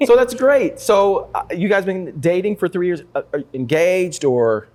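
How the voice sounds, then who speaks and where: Male talk show host from Africa, joking and high-energy, with a lively, bouncing pitch. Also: normal speed, very noisy.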